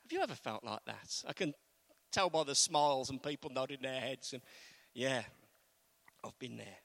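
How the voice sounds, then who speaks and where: A man's voice: mid-range voice, lively intonation, moderate pace, gravelly, a bit bright. A man preaching a sermon in a conversational way, asking the congregation questions. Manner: conversational, asks the congregation questions, acts out quotes.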